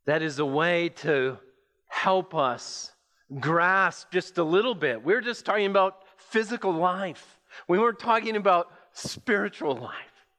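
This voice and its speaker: Unhurried high-voiced preacher in a reverberant hall. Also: male voice, animated, sharp tone. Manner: slow, deliberate storytelling with pauses. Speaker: pastor. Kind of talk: sermon.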